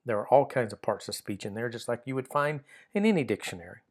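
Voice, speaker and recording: A man's voice: medium pitch, expressive, fast. A man teaching a recorded grammar lesson, explaining patiently and often repeating words and saying "uh" and "um".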